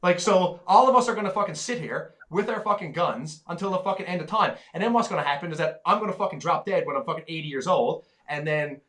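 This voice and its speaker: A man's voice: fairly high pitch, expressive, quick pace, hardly any pauses, fairly bright tone. A man, ranting profanely as a podcast co-host in heated casual talk. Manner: profane, ranting, heavy swearing.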